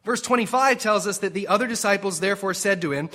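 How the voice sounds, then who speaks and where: A man preaching a sermon as pastor, animated and emphatic, slipping into dramatic quoted lines with pauses and now and then drifting off the mic. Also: high-pitched. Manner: jokes with the congregation.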